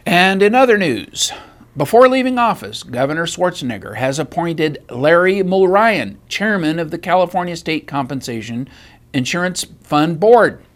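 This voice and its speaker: Man, high-pitched voice, news reader, scripted bulletin, measured even delivery.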